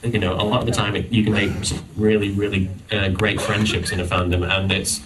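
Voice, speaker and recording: A man's voice: lowish voice, little pitch movement, background noise. A man speaking as a guest on a convention panel, talking casually with frequent restarts and stumbles. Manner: halting, many restarts. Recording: distant audience-camera recording.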